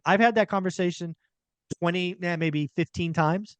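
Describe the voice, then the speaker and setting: A man's voice: high-pitched, normal speed, clear, resonant tone, dry recording. A middle-aged man hosting a podcast, talking casually and emphatically and repeating his key points. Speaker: podcast host. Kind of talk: casual real estate chat.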